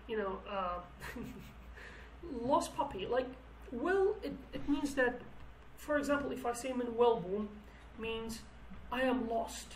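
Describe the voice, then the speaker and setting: A woman with Kurdish as her first language teaches the words of a song in English, pausing to search for words and often starting sentences over. Her voice sits fairly high. The room is echoey, with a faint hiss behind her. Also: animated, recorded from a distance. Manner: thinks aloud, restarts phrases, searches for English words. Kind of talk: explaining song lyrics.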